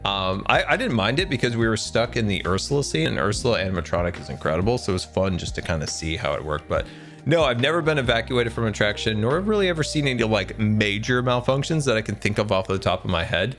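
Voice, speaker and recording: A rambling, chatty man streaming a game, his low voice swinging up and down in a lively way as he laughs along with viewers. Soft music plays underneath. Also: quick pace. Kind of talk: casual live-stream chat while gaming.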